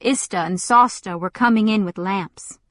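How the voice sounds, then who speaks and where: A woman narrating a novel in a measured, deliberate first-person reading. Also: mid-range voice, no room sound, clean studio sound. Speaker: audiobook narrator. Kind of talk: scripted narration.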